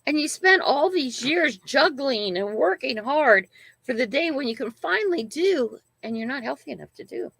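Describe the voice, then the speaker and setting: Older woman host, gravelly, dry close sound, rambling emphatic storyteller. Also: high voice, expressive, moderate pace, a bit bright, dry recording. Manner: rambling, emphatic, frequent "right?" and "okay?". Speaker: channel host. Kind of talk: casual livestream storytelling.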